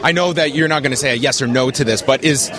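A man asking questions as a reporter at a press conference, in a measured way. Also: medium pitch, a crowd in the background.

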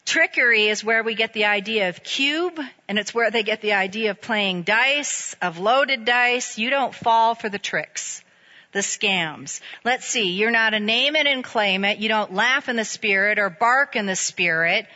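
A woman preacher delivering a sermon in a lively, conversational way, with playful asides. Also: mid-range voice, measured pace, dull audio.

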